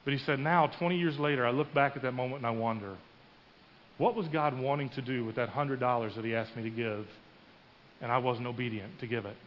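A man's voice: medium pitch, brisk, slight background noise. A man preaching a sermon in a church, telling a story and acting out the quoted voices with rising emphasis. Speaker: pastor. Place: church sanctuary. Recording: muffled with long hall reverb.

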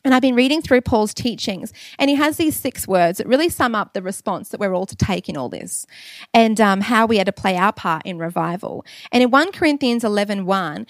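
A woman's voice: mid-range voice, expressive, brisk, no echo. An Australian woman in her thirties preaching a sermon, telling personal stories candidly and with humor. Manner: candid, humorous storytelling with laughs.

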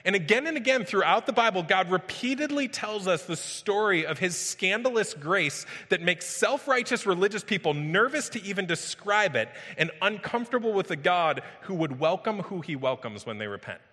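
A man's voice: high voice, animated, normal speed, few pauses, pushed and bright. A man preaching a sermon as pastor, retelling scripture emphatically and vividly, often repeating his phrases. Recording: long hall reverb.

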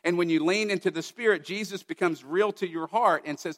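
A man's voice: a little high, brisk, few pauses, big-room sound. A man preaching a sermon as pastor, earnest and conversational, with personal asides to the congregation. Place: church sanctuary.

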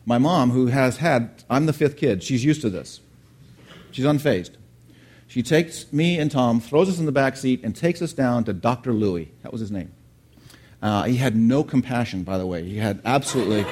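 A middle-aged male pastor preaching in an animated storytelling way. He turns to the congregation with questions and keeps the talk conversational, at an ordinary pitch for a man. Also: normal speed, slightly rough. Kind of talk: sermon with personal story.

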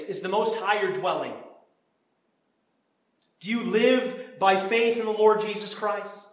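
Male preacher, fairly high voice, earnest, restarts phrases for emphasis, heavy room echo. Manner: earnest, repeats words when stressing a point. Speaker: pastor. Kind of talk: sermon. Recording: very echoey room.

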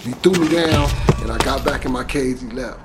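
A man's voice: mid-range voice, a little fast, loud music behind the voice. A man recounting a traumatic childhood memory in casual, profane storytelling. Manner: profane, conversational, vivid. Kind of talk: personal storytelling.

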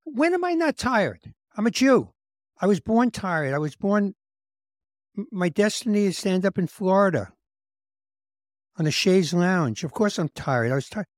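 A man's voice: sits high, lively intonation, moderate pace, pauses often, no echo, studio quality. A man hosting a podcast, telling self-deprecating comic stories in a wry, conversational way and acting out what others said to him. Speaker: podcast host. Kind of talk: comedic conversational storytelling.

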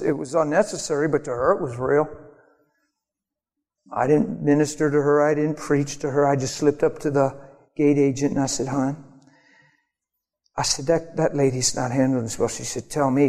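In a large hall, a man with a fairly high-pitched voice delivers a storytelling sermon. He's animated, laughs often, and performs the voices of the people he describes.

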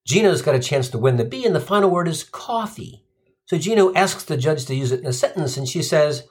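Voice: medium pitch, expressive, a little fast. A comedian telling a profane, sardonic stand-up story. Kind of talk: stand-up routine.

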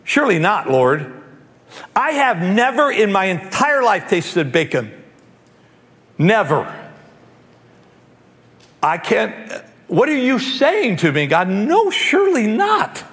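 A man's voice: sits high, very animated, slow, pauses often, a bit bright, voice pushed up, full character voice. A man acting out a startled devout man who refuses unclean food, protesting in disbelief. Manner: incredulous, protesting. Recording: long hall reverb.

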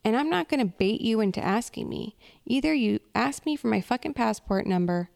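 A woman's voice: a little high, animated, fairly quick, gravelly, a little mellow. A young woman hosting a podcast, ranting in a blunt, profane, oversharing comic monologue. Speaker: podcast host. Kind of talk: comedic solo rant.

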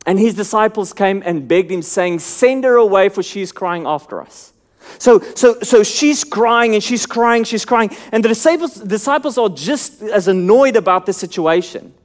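A man preaching a sermon, earnest and searching, asking the listeners questions and dropping his voice low and soft to stress a point. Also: moderate pace.

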